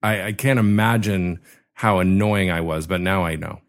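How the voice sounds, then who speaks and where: A man's voice: sits low, moderate pace. A man in casual conversation, an attentive listener who often chimes in with agreement.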